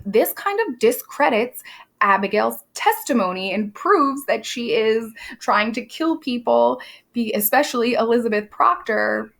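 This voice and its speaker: A woman's voice: mid-range voice, gravelly, fairly bright tone. A young adult woman teaching, explaining a play in a casual way with lots of fillers. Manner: casual, many fillers, briefly acts out quoted lines.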